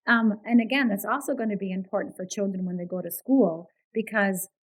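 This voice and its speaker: A woman guest, a behaviour analyst, speaking in an earnest, casual interview style. Her voice sits at a middle pitch for a woman, and she often repeats words and checks in with "right?" as she explains. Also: fairly quick, breathy edge, rough recording.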